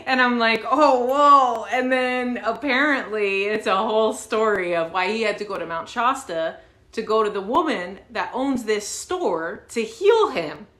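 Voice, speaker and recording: A woman host casually telling a story to her viewers, animated and swearing freely, with lots of fillers. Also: medium pitch, unhurried. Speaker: channel host. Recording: roomy echo.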